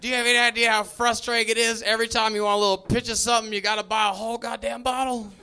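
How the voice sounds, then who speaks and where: A man's voice: very high voice, level tone, rapid-fire, sharp tone, smooth. A man doing a stand-up set, exasperated and self-mocking. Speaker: stand-up comedian.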